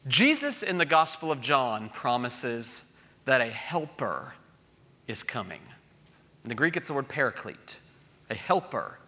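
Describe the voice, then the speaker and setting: A middle-aged man preaching a sermon in a lively way, acting out voices of children he quotes. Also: on the high side. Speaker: pastor.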